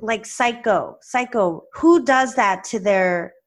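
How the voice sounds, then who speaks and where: A woman hosting a podcast, chatting casually and retelling a tense phone call with animated, lively delivery and plenty of "like"s. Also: on the high side, slow. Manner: chatty, many "like"s and restarts. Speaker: podcast host and practice owner. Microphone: podcast microphone.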